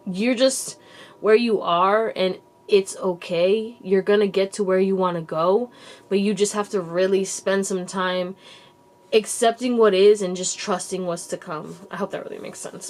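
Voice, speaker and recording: A woman's voice: mid-range voice, a little mellow. Chatty woman doing a tarot reading. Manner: chatty and familiar, addresses viewers as baby and you guys; loose and rambling, with many likes and restarts. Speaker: tarot reader and channel host. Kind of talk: casual pick-a-card tarot reading.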